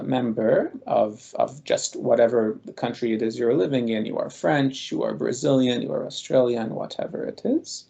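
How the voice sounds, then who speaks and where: A man speaking as a guest scholar, telling personal stories in a measured, reflective way. His voice is gravelly and a little husky, with a mellow, dark tone. He pauses often as he thinks. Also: mid-range voice. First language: Armenian. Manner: thoughtful, measured, with frequent pauses.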